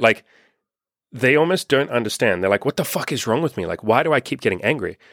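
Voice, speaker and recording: A man's voice: on the low side, a bit bright, dry recording, studio quality. A man, a life coach, talking in a casual self-help monologue, frank and profane, acting out his own inner questions.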